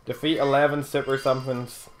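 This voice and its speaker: A young man bantering over a video game, teasing his friend with deadpan insults. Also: medium pitch, a little fast, a little hiss or hum. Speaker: co-host commentating a let's play. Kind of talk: casual banter.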